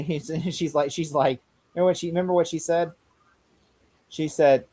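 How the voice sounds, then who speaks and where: A man's voice: a little high, steady tone, moderate pace, pauses often, dark tone. A young man chatting casually on a podcast, rambling, laughing often and acting out lines he quotes. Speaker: podcast host. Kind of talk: casual chat.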